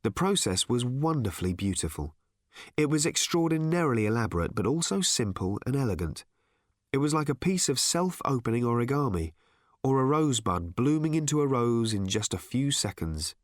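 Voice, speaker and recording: A man reading an audiobook with expressive, wry storytelling. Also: medium pitch, moderate pace, no echo, clean studio sound. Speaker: audiobook narrator. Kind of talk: scripted narration.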